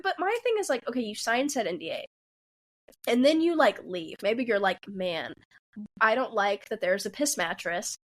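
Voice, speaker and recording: A woman in her twenties co-hosting a podcast, talking in a rambling, animated way with many restarts. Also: a little high. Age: 20s. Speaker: podcast co-host. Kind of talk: casual chat.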